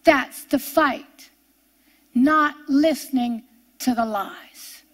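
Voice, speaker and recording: An older woman preaching a sermon, drawing out key words for emphasis and then slipping into quick, chatty asides. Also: high-pitched. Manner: emphatic, drawn-out preaching with sudden fast asides.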